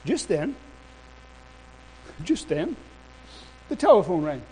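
A male preacher delivering a sermon and telling a story in an animated, emphatic way. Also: sits high, takes it slowly, a little hiss or hum, low-quality recording.

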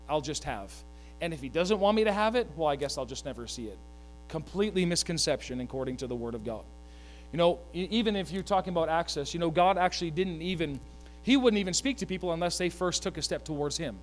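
High-voiced man preaching an animated sermon. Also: brisk. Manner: animated, joking asides, calls for congregation to repeat. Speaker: pastor.

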